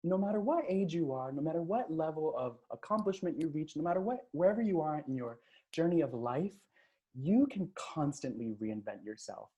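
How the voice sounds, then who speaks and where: A man leads a live online coaching session, talking into a computer mic on a video call. He is upbeat and hypes up the chat with cheers and quick shout-outs. His voice is warm and mellow. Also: on the high side, animated. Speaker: transformational coach.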